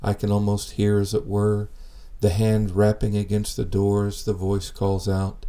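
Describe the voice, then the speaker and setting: A man preaching a sermon in an earnest, measured way, asking rhetorical questions. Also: lowish voice, monotone, dark tone.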